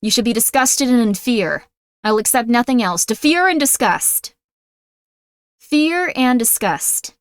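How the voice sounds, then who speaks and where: A woman playfully voicing a stern, domineering female taskmaster who mock-yells orders at her audience. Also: fairly high pitch, expressive, measured pace, no room sound. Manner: mock-yelling, imperious scolding. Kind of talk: playful role-play on a livestream.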